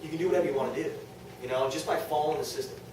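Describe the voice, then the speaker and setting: This fast-talking man, his voice leaning high, shares a motivational business testimonial with a small meeting-room audience. Eager and quick, he brings in other people's words through animated asides. The sound is very echoey, recorded from afar with faint noise.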